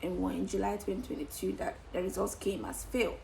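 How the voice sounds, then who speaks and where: A woman's voice: mid-range voice, fairly even intonation, brisk, vocal fry, warm tone, slight background noise, low-quality recording. A young woman vlogging to camera in a candid, exuberant way, laughing often and swearing casually.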